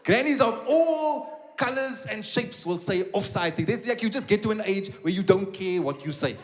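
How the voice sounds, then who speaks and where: A middle-aged South African stand-up comedian with a high-sitting voice performs live at a moderate pace. He tells animated stories with acted-out voices and asides to the crowd, amid a loud live audience, background noise, laughter and applause.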